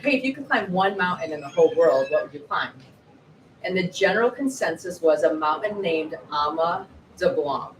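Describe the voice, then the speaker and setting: Woman, 40s, author guest at a live event; lively, acts out quotes; mic a bit far, roomy echo, faint hiss. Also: lowish voice. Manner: lively, animated storyteller acting out quotes. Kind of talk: storytelling at a live book event. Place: bookshop event space.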